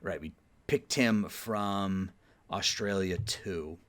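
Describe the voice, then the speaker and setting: A man with a fairly low voice talks his way through a sports management game in an easy, offhand way. He sounds sleepy, yawns now and then, and mutters under his breath as he weighs each trade. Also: slow, a bit bright. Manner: thinking aloud, sleepy, yawning often; mutters trade talk to the game's teams. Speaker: gaming YouTuber playing a baseball management sim. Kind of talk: casual let's-play commentary.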